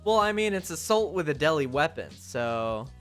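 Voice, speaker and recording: A man's voice: fairly high pitch, big pitch swings, moderate pace, fairly bright tone. A male streamer in casual live-stream chat, rambling and joking with many fillers and restarts. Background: faint music.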